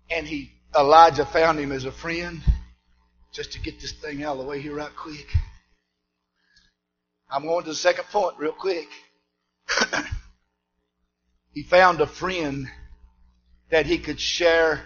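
A man preaching a sermon, swinging between shouted preaching and low asides. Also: dull audio, slight background noise.

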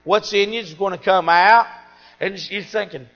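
A middle-aged man preaching a sermon, swinging between loud emphatic peaks and quiet confiding asides. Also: high-pitched, moderate pace, highs cut off.

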